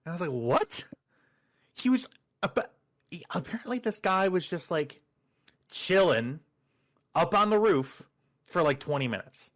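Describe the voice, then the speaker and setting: Animated man telling a story. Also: sits high, moderate pace, pauses often. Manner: animated storyteller, acts out other people's lines. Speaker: tabletop game player. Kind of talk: casual pre-game banter.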